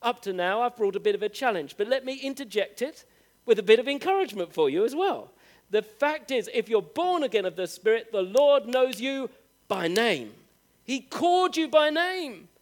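A male preacher with a strikingly high voice delivers a sermon. He speaks earnestly and straight to his listeners. He leans on key phrases, drawing them out and lifting his pitch for emphasis. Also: sing-song. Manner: earnest, direct address to the congregation; rises with emphatic, drawn-out phrases.

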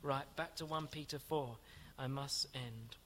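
A man's voice: mid-range voice, a little slow, fairly bright tone. A man preaching a sermon to his congregation, asking earnest rhetorical questions and reading aloud from a commentary.

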